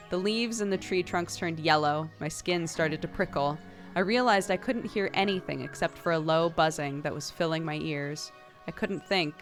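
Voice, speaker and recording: A young woman streamer reading a narrative game aloud, breaking off for playful, laughing asides. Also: low-pitched.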